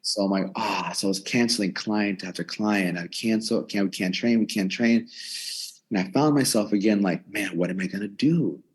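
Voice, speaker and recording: A man's voice: on the low side, normal speed, slightly rough. A man in his twenties, a gym owner and personal trainer, telling his story in a casual interview and acting out what he and others said. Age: 20s. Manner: animated storyteller, quotes himself and others. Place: his gym in a converted storage unit.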